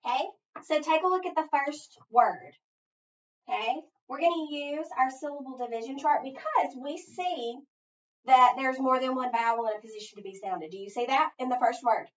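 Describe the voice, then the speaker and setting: A woman teaching a phonics lesson, patiently asking questions and answering them herself. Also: high-pitched. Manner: slow, patient, asks and answers her own questions. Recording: distant, echoey, dull room sound.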